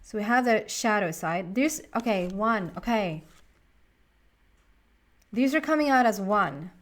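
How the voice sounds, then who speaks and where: A woman's voice: medium pitch, animated, a little slow. Chatty woman giving a tarot reading. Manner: chatty, thinks aloud, talks to the cards. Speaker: tarot reader. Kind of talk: casual tarot reading monologue.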